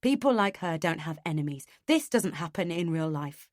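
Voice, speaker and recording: A woman reading an audiobook, voicing a firm, reassuring man who talks in a calm, logical way. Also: low-pitched, normal speed, no room sound, studio quality.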